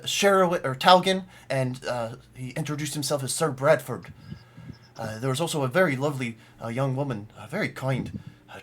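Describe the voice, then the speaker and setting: A man's voice: mid-range voice, fairly bright tone. A man voicing an old, polite male gnome prisoner who stammers and hesitates a lot.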